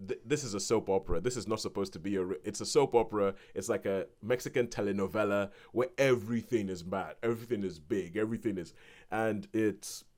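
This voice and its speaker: A man giving a casual spoken film review on a podcast, rambling with many restarts and turning animated when he quotes people. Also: lowish voice, a little fast.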